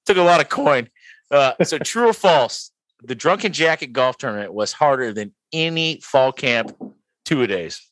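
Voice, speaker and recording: A young man hosts a casual podcast chat over drinks, rambling through stories and laughing often. His voice is bright and forward, and the sound is dry and close with no room echo. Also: mid-range voice, lively intonation, normal speed. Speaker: podcast host.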